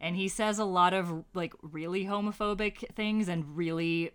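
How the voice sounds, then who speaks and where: A woman hosting a podcast, chatting casually and giving quick, wry commentary on a TV show. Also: fairly low pitch, steady tone, smooth. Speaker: podcast host. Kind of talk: casual chat, discussing a TV show.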